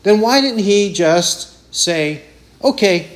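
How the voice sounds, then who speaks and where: A man's voice: a little high, lively intonation, measured pace. A man preaching a sermon with emphasis, repeating phrases and mimicking taunting voices.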